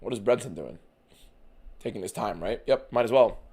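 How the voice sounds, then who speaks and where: A man streaming a fight watchalong, giving casual, profane live commentary that swings from shouting to muttering. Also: fairly low pitch, animated, normal speed, breathy edge.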